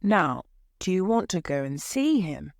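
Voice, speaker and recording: A woman's voice: lowish voice, sing-song, a little slow, gravelly, no room sound, studio quality, heavily acted. A woman voicing a jealous, mocking young husband who taunts his wife.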